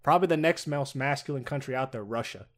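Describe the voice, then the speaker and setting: A man's voice: medium pitch, fast, fairly bright tone. A man co-hosting a casual podcast, crude and laughing as he riffs on jokes. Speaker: podcast co-host.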